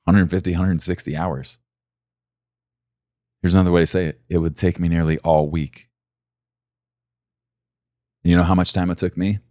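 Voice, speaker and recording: Deep-voiced man preaching a fervent sermon. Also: normal speed, long pauses, no echo, studio quality. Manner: emphatic, rises to high excited peaks when urging listeners.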